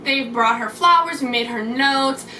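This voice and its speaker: A woman's voice: high-pitched, measured pace, bright, forceful tone, a little hiss or hum. A young adult woman gushing through a casual storytime vlog, rambling with many fillers. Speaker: vlogger. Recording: roomy echo from far off.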